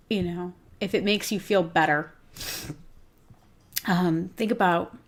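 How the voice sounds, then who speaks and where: A woman hosting a livestream for groomers, speaking candidly and emotionally while teary-eyed, reading viewers' comments aloud. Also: fairly low pitch. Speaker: host of a groomer business show.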